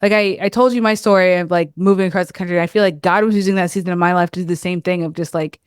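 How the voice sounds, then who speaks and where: A woman's voice: fairly low pitch, steady tone, fast, hardly any pauses, smooth. A woman hosts a podcast and responds to her guest in a conversational, affirming tone. Her voice is recorded dry and close, with no room echo. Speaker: podcast host. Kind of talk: casual interview chat.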